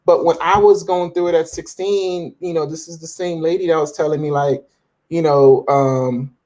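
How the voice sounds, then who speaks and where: A man's voice: on the high side, steady tone, normal speed, a little mellow. A man in his forties speaking as an interview guest, telling his faith story with self-assured conviction and plenty of restarts and fillers. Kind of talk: casual interview talk about faith.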